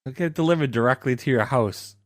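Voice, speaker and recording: A man's voice: mid-range voice, quick pace, no echo, clean studio sound. A man co-hosting a casual podcast, emphatic and swearing freely. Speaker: podcast co-host. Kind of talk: casual chat.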